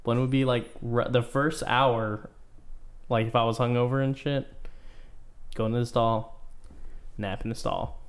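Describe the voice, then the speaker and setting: A man's voice: medium pitch, moderate pace, pauses often. A man co-hosting a casual chat show, joking around and cursing freely as he reacts. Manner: lively, joking, swears freely. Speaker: podcast co-host.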